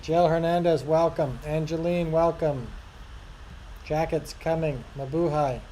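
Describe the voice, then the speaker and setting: A man's voice: on the high side, steady tone, measured pace, dark tone, slight background noise, rough recording. A man hosting a livestream, casually chatting and reading out viewer comments, self-deprecating and laughing often. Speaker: livestream host.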